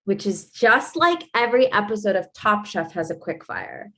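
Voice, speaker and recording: Young woman co-host, teasing and jokey, mid-range voice, quick bursts. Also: mid-range voice, very animated, pushed and bright. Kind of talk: casual podcast chat.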